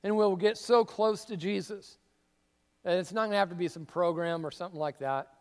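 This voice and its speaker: Emphatic pastor, high voice, reverberant hall. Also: male voice, brisk, clean tone. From Seattle area. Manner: conversational, emphatic preaching with sudden bursts of excitement. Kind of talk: sermon. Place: church sanctuary. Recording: long reverb of a church hall.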